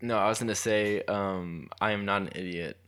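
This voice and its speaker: A man's voice: fairly low pitch, fairly even intonation, normal speed, a bit bright, clear, resonant tone. A young man co-hosting a casual podcast, easygoing and self-deprecating, and saying "bro" a lot. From Texas. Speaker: podcast co-host. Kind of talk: casual chat.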